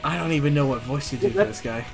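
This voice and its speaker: A man streaming a visual novel, reading the lines aloud in a playful, animated manner. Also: a little high, fast talker, gravelly, music in the background.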